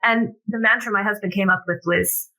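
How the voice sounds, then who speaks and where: A middle-aged woman, a guest coach, chatting casually and acting out family exchanges in lively voices. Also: mid-range voice, fairly quick, gravelly, poor audio. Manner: animated storyteller acting out family dialogue. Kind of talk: casual interview chat.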